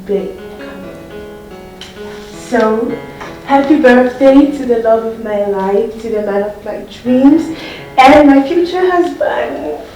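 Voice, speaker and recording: A woman's voice: fairly high pitch, takes it slowly, dark tone. A woman with a Ghanaian accent acting a loving girlfriend, coaxing and affectionate. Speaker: actress playing a girlfriend. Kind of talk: comedy drama acting. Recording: echoey room, mic far off, music behind.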